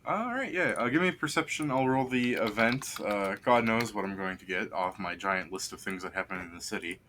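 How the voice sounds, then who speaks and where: Man, game master, low voice, bright tone, offhand narration, faint background hiss. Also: lively intonation, brisk. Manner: loose, offhand narration with fillers. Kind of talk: running a tabletop game.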